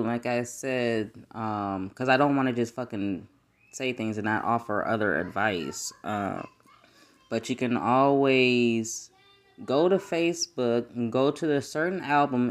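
A young woman hosting a solo podcast, chatting casually with lots of swearing and laughter. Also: extremely low pitch. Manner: profane, laughing, rambling. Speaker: podcast host.

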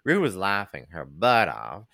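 A chatty co-host in a relaxed review conversation, laughing often and trailing off mid-thought. The voice moves animatedly and sounds bright. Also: sits low, measured pace, gravelly. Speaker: podcast co-host. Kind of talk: casual chat reviewing a TV episode.

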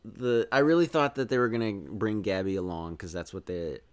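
Talking a little fast in a lowish voice, a man hosting a podcast gives a casual movie review. He rambles along, chuckling and letting sentences trail off.

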